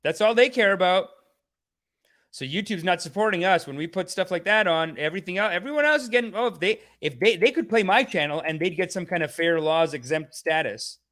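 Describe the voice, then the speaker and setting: A man's voice: sits high, expressive, brisk, fairly bright tone. A man hosting a comedic satirical rant in a sarcastic, preachy, mock-guru manner. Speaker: comedic channel host.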